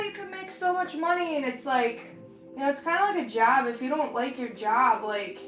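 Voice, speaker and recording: A woman chatting casually and rambling with her viewers while she paints on a livestream, laughing often. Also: a little high. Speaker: livestreaming artist. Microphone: streaming setup. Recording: roomy with faint background music.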